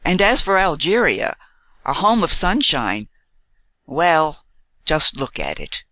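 Confident playful American man, read by an audiobook narrator; animated, close and dry. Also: medium pitch, takes it slowly, no echo, exaggerated voice. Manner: playful, self-assured. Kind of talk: audiobook dialogue reading.

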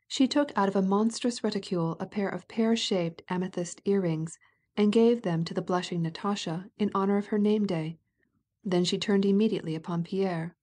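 A woman narrating a classic novel as an audiobook, in a calm, measured, even manner. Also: medium pitch.

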